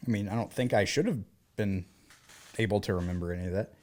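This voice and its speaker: A man's voice: lowish voice, fast talker. A man in his thirties from the American South, co-hosting a podcast in casual chat and telling stories by acting out the things people said. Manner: animated storyteller who acts out quoted dialogue. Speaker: podcast co-host.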